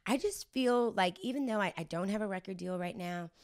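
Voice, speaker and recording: Laughing, animated woman. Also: medium pitch, brisk. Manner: animated storytelling, laughs often, repeats the host's words. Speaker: singer-songwriter guest. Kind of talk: casual podcast interview.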